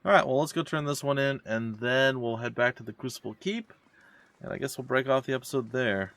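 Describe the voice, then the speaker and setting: A man's voice: medium pitch, brisk, fairly bright tone. A man giving casual, wry commentary while playing a game and reading its dialogue aloud. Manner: wry, joking asides. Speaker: let's play gamer.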